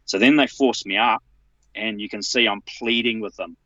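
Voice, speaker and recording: A man, telling a personal account as a show guest in an emphatic, halting way, often restarting his sentences. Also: fairly even intonation, pushed and bright, no echo, muffled recording. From New Zealand. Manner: emphatic, halting with restarts, rising in pitch when retelling his protests.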